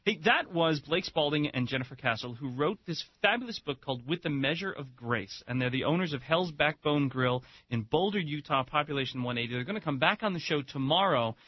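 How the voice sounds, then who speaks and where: A man with a New Jersey accent co-hosting a radio show, talking quickly and enthusiastically with strong opinions. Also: fairly high pitch, animated, slightly rough, no echo. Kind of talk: casual radio chat. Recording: dull lo-fi radio broadcast.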